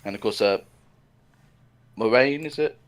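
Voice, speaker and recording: A man casually chatting on a podcast, rambling through his thoughts and often jumping into high mock voices. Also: measured pace, clear, resonant tone. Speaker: podcast co-host. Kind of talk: casual chat.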